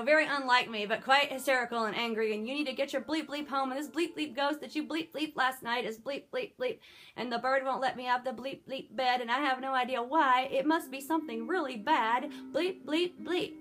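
A young woman vlogging, telling a personal ghost story in an animated, chatty way with dramatic retellings. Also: medium pitch. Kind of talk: casual storytelling.

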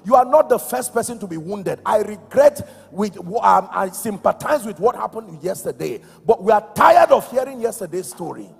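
High, gravelly Nigerian preacher in a hall. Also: male voice, lively intonation, normal speed, hardly any pauses. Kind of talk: sermon. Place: large church hall. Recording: echoey church hall with soft music.

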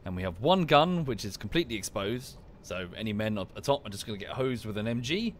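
A man's voice: fairly low pitch, lively intonation, fast, a little hiss or hum. A man from the UK chatting casually while streaming a game, with dry muttered asides. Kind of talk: casual gameplay commentary.

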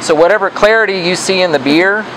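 A man working as a brewmaster, calmly explaining how the beer is made, with frequent ums and uhs. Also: high-pitched, fast, background noise. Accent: American. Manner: patient, knowledgeable, hesitant with ums and uhs. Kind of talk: explaining beer on a brewery tour. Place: brewery.

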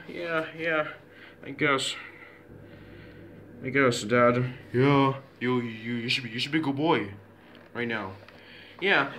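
A man's voice: mid-range voice, a bit bright, a little hiss or hum. Rambling, repetitive male voice in pretend play. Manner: rambling and repetitive, with many restarts. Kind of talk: playful pretend-play self-recording.

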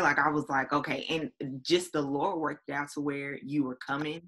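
Low, bright-voiced woman in her thirties. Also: little pitch movement, moderate pace. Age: 30s. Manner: chatty, many fillers and quoted self-talk. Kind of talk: casual chat.

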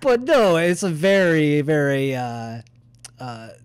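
Lively, slow-talking man co-host. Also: fairly high pitch, smooth. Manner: excitable, laughs often. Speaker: podcast co-host. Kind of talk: casual chat.

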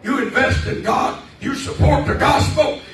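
A man preaching a fervent revival sermon, shouting out praise and repeating his lines. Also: extremely high pitch, unhurried. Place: church sanctuary. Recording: echoey church hall, from far off, congregation around.

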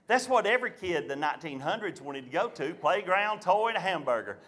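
At a live comedy venue, a stand-up comedian tells a story to the audience, animatedly acting out his family's voices. His voice is a little high and slightly rough, and he talks fairly quickly with hardly any pauses.

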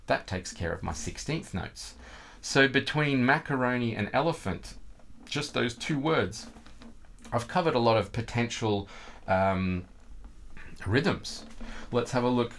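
A man's voice: medium pitch, expressive, measured pace, long pauses, fairly bright tone, slight background noise. A man, teaching guitar in a casual video lesson, chatty and self-mocking, sometimes singing rhythms with nonsense syllables.

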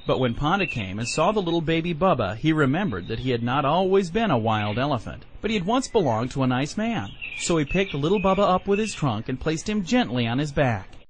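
A lively man reading a fairy tale. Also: on the high side, brisk, hardly any pauses, slightly rough. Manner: expressive, animated reading. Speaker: storyteller. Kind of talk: storybook narration.

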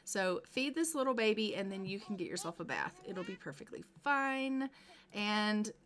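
A woman's voice: mid-range voice, lively intonation, normal speed, a bit bright. A woman casually narrating her life-simulation gameplay, chatting to the characters as she plays. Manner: chatty, talks to the game characters directly. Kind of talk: casual let's-play commentary.

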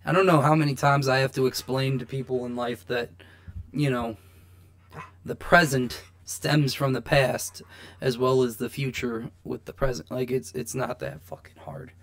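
A man's voice: medium pitch, steady tone, normal speed. A young man hosting a show, reacting to a debate clip in casual, rambling commentary, exasperated and swearing often.

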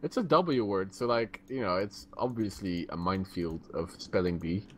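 A man's voice: low voice, normal speed, a little hiss or hum. A man chatting casually while gaming, playful, often laughing and tripping over his words. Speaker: gamer.

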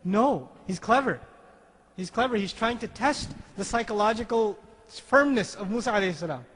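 A man giving an animated religious lecture, acting out the dialogue he quotes and reciting scripture between explanations. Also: sits high, normal speed, husky. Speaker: Islamic speaker. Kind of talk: lecture on Quranic language. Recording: lecture hall with long reverb.

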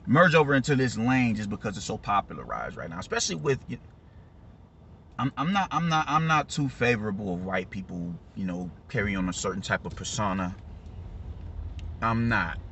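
A man's voice: on the low side, very animated, brisk, gravelly. A man in a casual, unscripted rant, talking emphatically, repeating himself and swearing freely. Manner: emphatic, repetitive, profane, says "you dig" a lot. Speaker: reaction vlogger. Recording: lo-fi audio with loud traffic noise.

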